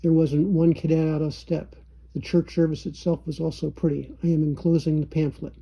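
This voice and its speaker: A man reading old letters aloud at a measured, even pace. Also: a little high, gravelly, husky. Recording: dull lo-fi recording.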